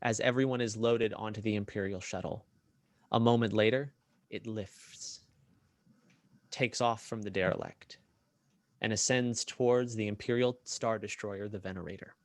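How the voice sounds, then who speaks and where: A man narrating a tabletop role-playing game as game master, in a lively way with frequent fillers and restarts. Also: on the low side, normal speed, no echo.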